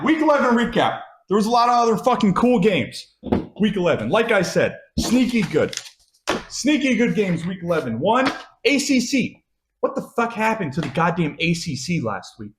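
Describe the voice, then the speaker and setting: A man's voice: high voice, very animated, fairly quick, roomy sound. A young American man hosting a college football show, ranting with constant swearing and repetition. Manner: swears constantly, repeats lines, swings loud then muttering. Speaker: college football podcast host. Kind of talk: profane ranting sports talk.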